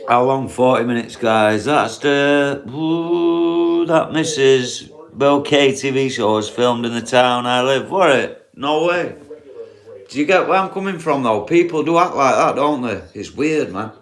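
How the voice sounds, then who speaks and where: A man with a broad Yorkshire accent talks to his live stream audience in a loose, rambling way. He swears freely and keeps turning to viewers with questions like "isn't it?" His voice sits at an ordinary male pitch. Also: expressive, measured pace. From Yorkshire, England. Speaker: livestreamer. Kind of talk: casual live-stream chat.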